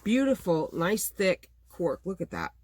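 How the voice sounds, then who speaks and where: A woman's voice: fairly low pitch, huge pitch swings, measured pace, darkish tone, no echo. Middle-aged woman, casual vlog chat, exasperated venting, dry recording. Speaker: small-business vlogger.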